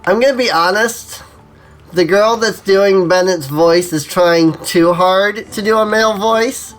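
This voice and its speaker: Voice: medium pitch, unhurried, soft background music. A game streamer giving casual, offhand live-stream commentary, musing and thinking aloud.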